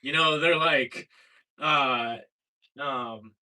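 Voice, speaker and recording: A young man from Seattle doing a deadpan stand-up set with many halting fillers, in a small comedy club. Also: medium pitch. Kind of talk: stand-up set at an open mic.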